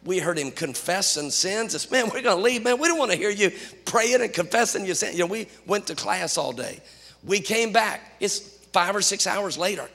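A pastor preaching a sermon, telling animated stories and rising to shouts. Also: male voice, sits high, moderate pace, gravelly, big-room sound.

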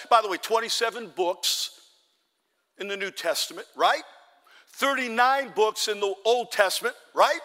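A man preaching a sermon as pastor, building to loud exhortation and calling the congregation to answer amen. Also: sits high, in a large hall. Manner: fervent, builds to loud exhortation, calls for amens.

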